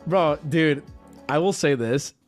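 A man's voice: a little high, takes it slowly, soft background music. A man in his thirties telling casual stories on his stream, swearing and laughing at himself.

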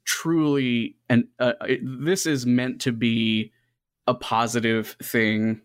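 A man's voice: medium pitch, level tone, slow pace, clean tone, dry recording, studio quality. A man co-hosting a podcast in casual chat, frank and joking with some swearing. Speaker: podcast co-host.

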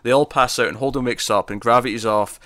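A man co-hosting a podcast, chatting casually and excitedly as he recaps a TV episode. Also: mid-range voice, fast talker, dry recording, clean studio sound. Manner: excitable, animated retelling of scenes. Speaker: podcast co-host.

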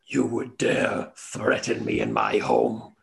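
A man voicing a proud ancient lion-man king who speaks slowly and with disdain. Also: fairly low pitch, flat delivery, creaky, heavily acted. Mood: haughty. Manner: slow, haughty and disdainful.

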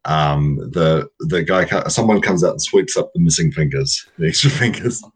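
A man's voice: extremely low pitch, moderate pace, breathy edge, poor audio. A man narrating his tabletop game turn, rambling and hesitant with many fillers. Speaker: player.

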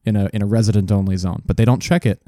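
A man's voice: lowish voice, steady tone, very fast, dark tone, dry recording, studio quality. A man casually telling a rambling story on a podcast, swearing freely and correcting himself as he goes. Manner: rambling, profane, self-correcting. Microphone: studio desk mic.

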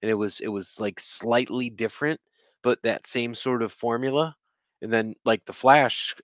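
A man's voice: mid-range voice, steady tone, normal speed, no echo. A man co-hosting a podcast in casual, offhand chat.

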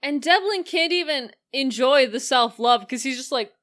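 A woman co-hosting a podcast, excitedly recapping a film in casual chat, laughing often. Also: high voice, moderate pace, few pauses. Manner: excitable, laughing, animated retelling. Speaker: podcast co-host.

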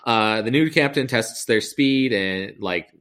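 A man's voice: medium pitch, measured pace, a bit bright. A man hosting a podcast, retelling a film in a rambling, sarcastic and profane way. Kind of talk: comedic film recap.

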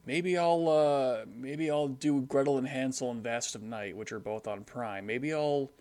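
A man's voice: medium pitch, unhurried, a little mellow. Rambling, swearing male podcast host. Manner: rambling, swears casually, many fillers. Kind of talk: casual chat.

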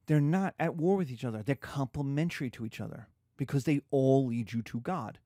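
A man's voice: medium pitch, a little fast, no room sound, clean studio sound. A man giving a conversational history lecture, acting out scenes as he goes. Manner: animated, conversational, acts out scenes. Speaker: history teacher. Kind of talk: classroom lecture.

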